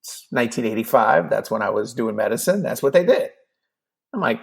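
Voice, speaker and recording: A man in his fifties recounts a personal story in casual podcast talk, his voice gravelly and pitched in the middle range. He acts out the dialogue, hopping between voices, with plenty of ums and likes along the way. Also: fairly quick. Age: 50s. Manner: animated, acts out dialogue with many fillers. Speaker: podcast guest.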